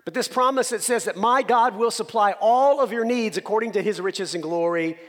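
A man's voice: high voice, brisk, big-room sound. A man preaching a sermon as pastor, earnestly stressing key words and asking rhetorical questions of the congregation. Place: church sanctuary.

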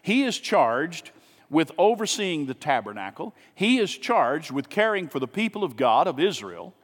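A man's voice: a little high, sing-song, moderate pace, husky, long reverb tail. A man pastor preaching a sermon in a casual, conversational way, asking rhetorical questions and dropping asides to his congregation. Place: church sanctuary.

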